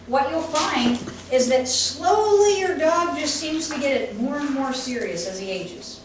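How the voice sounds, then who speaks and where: A woman's voice: sits high, lively intonation, unhurried. A woman dog trainer giving a conversational, emphatic lecture to a class. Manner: conversational, emphatic, acts out owners' voices. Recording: echoey room from far off, faint noise.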